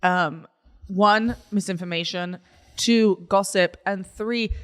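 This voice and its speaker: A woman's voice: medium pitch, slow, fairly bright tone, clear, resonant tone. A woman co-hosting a comedy podcast, chatty and casual, reading out news items. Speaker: podcast co-host.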